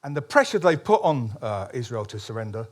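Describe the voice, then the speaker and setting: A man's voice: medium pitch, very animated, a little fast, darkish tone. A man, a columnist, giving a public speech at a political meeting, emphatic, with frequent restarts and ironic asides.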